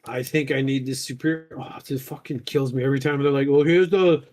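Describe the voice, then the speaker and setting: A man hosting a podcast, chatting casually, excitable and jokey with lots of swearing. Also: mid-range voice, fast. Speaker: podcast host. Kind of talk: casual chat.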